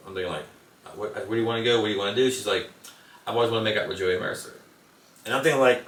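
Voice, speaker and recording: Fast-talking man in an echoey room. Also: medium pitch, bright, forceful tone. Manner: rambling anecdotes. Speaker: interview guest. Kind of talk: casual storytelling. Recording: echoey room, mic at a distance.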